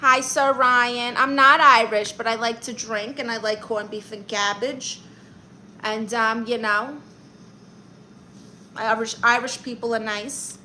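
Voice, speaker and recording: A woman's voice: a little high, fairly even intonation, pushed and bright, slight background noise. A woman in character as a brash Brooklyn aunt who calls herself a therapist, reading viewer comments on a comedy livestream with sassy comebacks. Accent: Brooklyn New York. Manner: sassy, brassy, quick comebacks.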